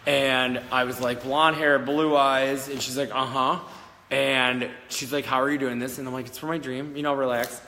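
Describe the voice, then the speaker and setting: A man's voice: mid-range voice, flat delivery, moderate pace, sharp tone, big-room sound, a little hiss or hum. A man working as a psychic medium, telling a story casually to camera in a rambling, giggly way with many fillers and restarts. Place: old schoolhouse in the country, indoors.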